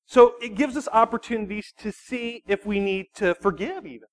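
A man, a youth pastor, giving an animated sermon full of personal storytelling and quick restarts. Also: high voice. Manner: animated, self-deprecating storytelling with frequent restarts.

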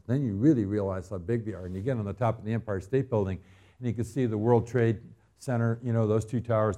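A man from Arizona preaching a sermon as pastor, telling homespun stories and building to loud, emphatic appeals. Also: medium pitch.

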